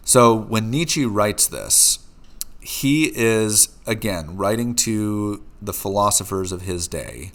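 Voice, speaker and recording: A man's voice: lowish voice, a bit bright. A middle-aged man giving a philosophy lecture, talking unscripted with many uh and um fillers. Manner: unscripted, many uh and um fillers, reads quotes with rising emphasis.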